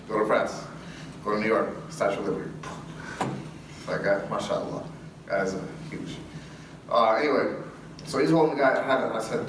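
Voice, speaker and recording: A man speaking to a live audience, telling a story with lively acted-out dialogue and frequent laughs. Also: lowish voice. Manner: animated, acts out dialogue, laughs often. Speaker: guest speaker. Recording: echoey hall from far off with room noise.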